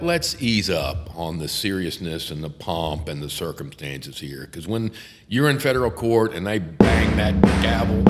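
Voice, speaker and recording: A low-voiced older man with a drawl spins courtroom war stories, swearing freely and breaking into laughter. His voice rings with a long reverb from the room. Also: lively intonation, normal speed, soft background music. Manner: profane, laughing, acts out quotes. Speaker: podcast host, defense attorney. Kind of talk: casual storytelling chat.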